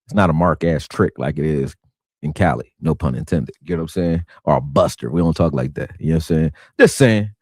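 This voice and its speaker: Deep-voiced man hosting slangy sports talk. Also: a little fast, breathy edge, no echo, clean studio sound. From Philadelphia. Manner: slangy, animated and rambling. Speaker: sports talk show host. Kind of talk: casual sports talk stream.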